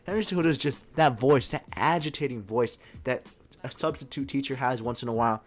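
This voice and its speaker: A man's voice: mid-range voice, animated, quick pace, faint music behind. A man in his twenties giving comedic, casual commentary and constantly saying dude. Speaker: video host. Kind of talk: comedic tier-list commentary.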